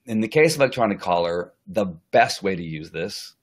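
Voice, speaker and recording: Brief: man, dog trainer, lowish voice, talks casually with lots of "uh" and "right?". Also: lively intonation. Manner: chatty, rambling, many fillers and restarts; acts out the dog's thoughts in quick asides. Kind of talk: casual live-stream lesson.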